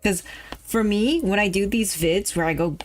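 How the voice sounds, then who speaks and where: A woman's voice: mid-range voice, normal speed, soft background music. A woman VTuber streaming casually while a little tipsy, rambling off topic, swearing and laughing. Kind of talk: casual livestream chat.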